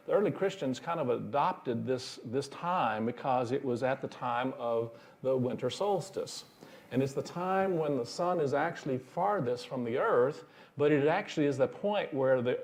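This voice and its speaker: A man's voice: mid-range voice, a little mellow. A male minister giving a sermon in a folksy storytelling manner, chuckling at his own jokes.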